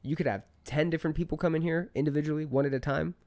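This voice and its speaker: A man in his thirties, guesting on a podcast, tells a story in casual chat, speaking heatedly and swearing as his pitch climbs when he gets worked up. He races along in a steady, darkish tone.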